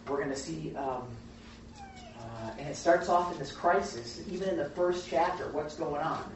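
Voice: mid-range voice, moderate pace, slight background noise. A Bible study teacher talking casually and animatedly to a group, often asking them questions. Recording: very echoey room, distant mic, dull sound.

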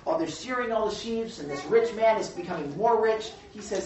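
A woman leading a Bible study, teaching in a chatty, animated storytelling way. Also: medium pitch, fairly quick, hardly any pauses, recorded from a distance, noisy background. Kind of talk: casual teaching. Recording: echoey room from afar, dull.

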